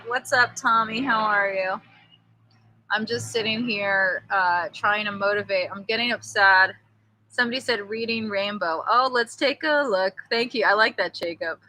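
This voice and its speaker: Chatty bright-voiced young woman livestreaming. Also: medium pitch, slight background noise, low-quality recording. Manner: chatty and rambling, thanks viewers by name. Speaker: livestream host. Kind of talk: casual livestream chat, reading aloud. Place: outdoors in front of her house. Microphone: laptop or webcam mic.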